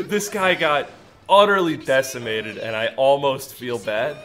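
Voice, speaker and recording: A man's voice: medium pitch, lively intonation, a little slow, a bit bright. A young man giving casual gameplay commentary, goofy and rambling, laughing at his own jokes. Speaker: gaming commentator.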